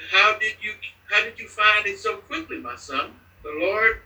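A man with a very bright, forceful voice reads scripture aloud, now and then stumbling and restarting a line. His pitch sits a little high for a man. He sounds set back from the mic in a room with a lot of echo. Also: far from the mic. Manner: plain reading with restarts and slips. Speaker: scripture reader.

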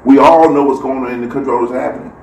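This man speaks fast in a mid-range voice, giving an informal devotional talk where he narrates a story and acts out its characters' lines. The mic sounds distant in a roomy space, with some faint background noise.

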